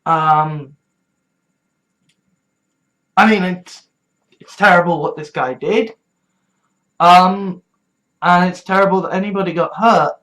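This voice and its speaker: A young British adult ranting on a political vlog, swearing freely and sarcastic, with a stuffy nose, sometimes rising to a shout. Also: mid-range voice, slow pace, pauses often, poor audio. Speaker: political vlogger.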